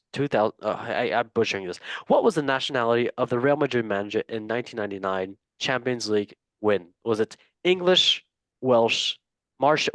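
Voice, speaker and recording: A man's voice: mid-range voice, no echo. A man hosting a football quiz on a casual podcast, playful and jokey, swearing and laughing often. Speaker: quiz host.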